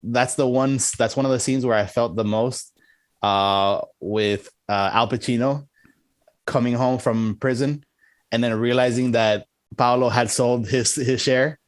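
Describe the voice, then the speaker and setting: A man's voice: medium pitch, fairly even intonation, unhurried, no echo. A man co-hosting a podcast, rambling and laughing as he talks over a movie. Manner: giggly, rambling with restarts. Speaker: podcast co-host. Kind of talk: casual movie review chat.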